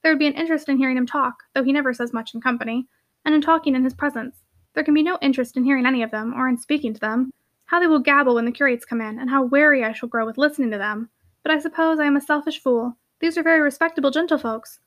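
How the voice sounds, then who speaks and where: A woman's voice: high voice, quick pace, natural voice. A woman voicing an earnest, reluctant young hostess who sighs over her guests. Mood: anxious.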